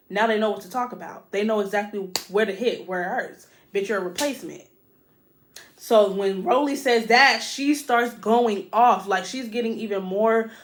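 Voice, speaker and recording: A woman hosting a podcast, recapping a reality show in a casual, profane, animated way and talking straight to listeners. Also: mid-range voice. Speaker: podcast host.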